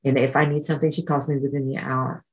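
A woman's voice: a bass voice, little pitch movement, quick pace, rough recording. A woman sharing her personal recovery story at a meeting, earnest and conversational, acting out the exchanges she describes.

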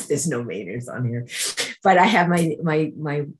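Low-voiced woman sharing her recovery story. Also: animated, a little slow, slight background noise, rough recording. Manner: earnest, conversational storytelling that acts out quoted exchanges. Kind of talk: personal testimony at a recovery meeting.

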